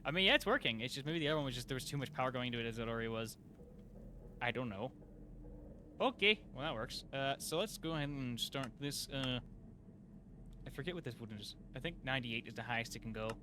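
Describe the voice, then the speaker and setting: A man giving casual gameplay commentary, excitable and self-mocking, with lots of fillers and sudden yelps. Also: medium pitch, fast, a little hiss or hum. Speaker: gameplay youtuber. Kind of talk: casual let's play commentary.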